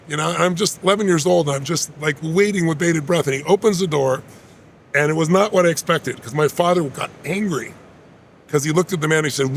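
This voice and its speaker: Fast-talking gravelly man telling a story. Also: a little high, a little hiss or hum. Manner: animated storyteller who acts out quotes. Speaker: guest. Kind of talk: personal storytelling in conversation.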